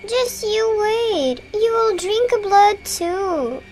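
A woman's voice: very high voice, lively intonation, unhurried, soft background music, pitched above the performer's own voice. A woman voicing a smug, teasing vampire girl puppet who talks in a coy, evasive way. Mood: sly.

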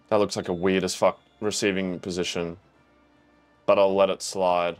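A young man and college volleyball player giving casual reaction commentary, swearing a lot, with slangy talk and sudden yelps and shouts. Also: sits low, level tone, takes it slowly, pauses often, clear, resonant tone, soft background music. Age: young adult. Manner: slangy, calls the viewer bro and dog.

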